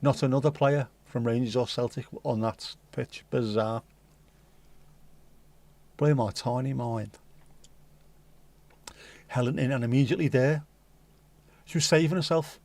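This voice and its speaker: A man's voice: medium pitch, unhurried, pauses often, a little mellow, no echo. A middle-aged man with a Liverpool accent, hosting a livestream and chatting casually to his live chat with jokey, rambling asides. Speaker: livestream host.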